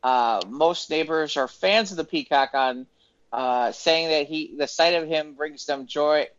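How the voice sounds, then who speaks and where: A man's voice: on the high side, a little slow, fairly bright tone, no room sound, lo-fi sound. A man hosting a casual comedy news podcast, playful with announcer flourishes and rambling restarts. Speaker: podcast host.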